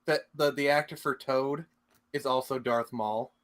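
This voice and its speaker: A man's voice: mid-range voice, steady tone, unhurried. A young man co-hosting a casual movie podcast, chatty and full of trivia, laughing easily. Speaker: podcast co-host. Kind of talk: casual movie review chat.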